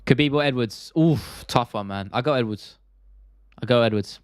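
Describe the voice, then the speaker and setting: Reading viewer comments on his MMA live stream, a South London male host talks at normal speed in a mid-range voice. He's casual, blunt, and chatty, swears freely, and drops T's, and the audio is clean and close with no room sound.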